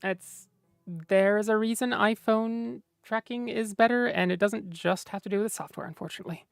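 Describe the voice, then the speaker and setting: A woman's voice: mid-range voice, normal speed, gravelly, no room sound, studio quality, faint music behind. A woman streamer chatting casually with her viewers, playful and teasing. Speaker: streamer reading chat. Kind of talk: casual livestream chat.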